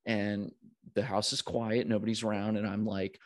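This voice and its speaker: A man's voice: on the low side, level tone, normal speed. An American man in his forties hosts a podcast interview over a video call, talking energetically with many restarts and easy laughter. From United States. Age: 40s. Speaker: podcast host. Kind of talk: casual interview chat.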